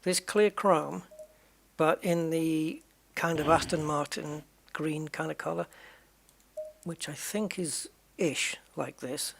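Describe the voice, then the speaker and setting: A man's voice: on the high side, takes it slowly, creaky, fairly bright tone. A man streaming a racing game, musing aloud and chatting to viewers with jokey asides. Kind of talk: casual live-stream chat.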